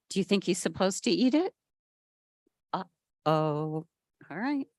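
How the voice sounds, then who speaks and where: A woman reading a picture book aloud at a family service and asking the children questions in an animated way. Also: mid-range voice, slow, no room sound, clean studio sound.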